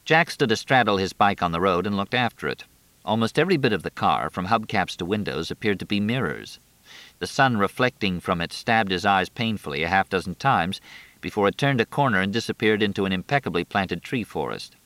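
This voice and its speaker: Deep-voiced male audiobook narrator. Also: animated, fairly quick, fairly bright tone, dry recording. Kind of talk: scripted narration.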